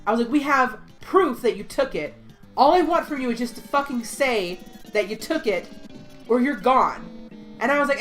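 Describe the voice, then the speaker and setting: A woman telling a story in casual chat, animated, swearing freely and acting out what people said. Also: on the high side, normal speed, faint music behind. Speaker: podcast host.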